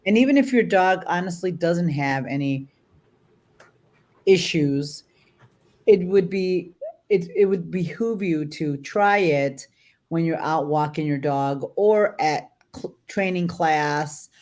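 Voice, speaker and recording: A woman's voice: on the low side, slow pace, darkish tone. A woman hosting a casual chat as a dog trainer, talking in a chatty way with frequent restarts and tag questions like "right?". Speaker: dog trainer and show host.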